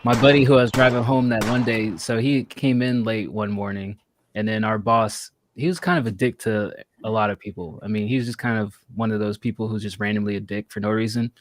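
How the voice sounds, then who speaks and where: A man in his thirties co-hosting a podcast, telling workplace stories in a casual, animated way and acting out the people he quotes. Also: fairly low pitch, a little fast, a little hiss or hum. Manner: animated, acts out quotes, laughs a lot. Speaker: podcast co-host. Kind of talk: casual storytelling chat.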